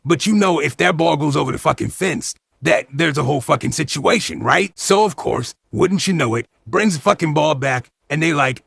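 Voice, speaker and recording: A man's voice: on the high side, fairly quick, gravelly, few pauses, a bit bright, slightly rough, dry recording, studio quality. A man doing a profane, slangy comedy recap of a movie, with mock-outraged asides.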